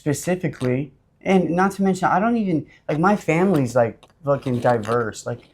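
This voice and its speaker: A man's voice: on the high side, normal speed. Blunt, profane man telling his story. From Utah, US. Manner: blunt, profane, animated with frequent fillers. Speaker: podcast guest. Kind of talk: casual storytelling.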